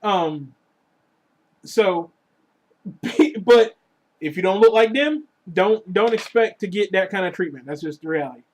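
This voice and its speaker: A man with a high voice rants to his viewers in a crude, profane, joking vlog. He swings between loud lines and muttered asides. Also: expressive, unhurried, long pauses. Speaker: vlogger. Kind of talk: casual rant to camera.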